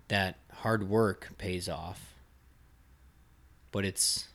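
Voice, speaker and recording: A podcast co-host chats casually in a fairly low, slightly bright male voice. He laughs often and keeps restarting his sentences.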